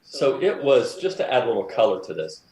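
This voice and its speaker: A man's voice: medium pitch, very animated, a little fast, crowd noise. A man co-hosting a casual podcast, wisecracking dryly and filling in details of a story. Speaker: podcast co-host. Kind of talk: casual chat. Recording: roomy echo.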